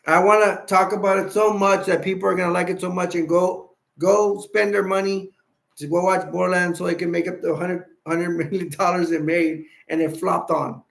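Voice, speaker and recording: Man, livestream host, gravelly voice, slightly high, rambling casual chat. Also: little pitch movement, moderate pace, fairly bright tone. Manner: rambling, playful, laughs easily. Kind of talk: casual live stream chat.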